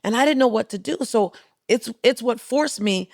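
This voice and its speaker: Gravelly, emphatic woman telling stories. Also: a little high, moderate pace, dry recording, studio quality. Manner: emphatic, rhythmic, animated storytelling. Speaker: guest, motivational speaker. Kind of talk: storytelling interview talk. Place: podcast studio.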